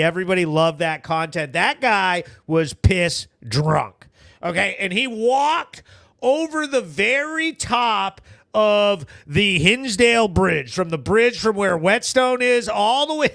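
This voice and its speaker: A man hosting a local news recap show, telling stories in a crude, animated way with loud shout-outs and frequent laughter. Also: high voice, no echo, studio quality. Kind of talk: casual profane storytelling.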